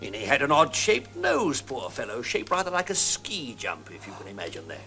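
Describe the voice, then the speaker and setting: An actor playing a flamboyant, self-important middle-aged Victorian novelist in a 1970s TV sketch. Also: male voice, medium pitch, wildly swooping pitch, a little fast, pushed and bright, soft background music. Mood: grand. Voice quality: theatrical, grandiloquent delivery. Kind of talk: 1970s television sketch comedy.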